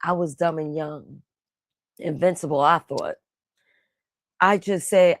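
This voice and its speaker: Lively teasing woman, dry close sound. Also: deep voice, takes it slowly, dry recording. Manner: animated, teasing, slangy. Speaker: stream co-host. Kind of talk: casual banter.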